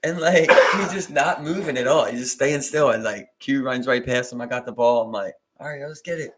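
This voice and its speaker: A man's voice: mid-range voice, moderate pace, a bit bright, a little hiss or hum. A man with a Baltimore accent, co-hosting a podcast, telling a story in loose casual chat, acting out his friends' lines and laughing often. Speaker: podcast co-host.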